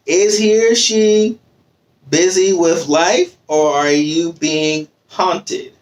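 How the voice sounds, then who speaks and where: Podcast host, male, high voice, loose joking storyteller. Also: slow pace, a little hiss or hum. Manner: laughs often, joking storyteller. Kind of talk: casual podcast chat.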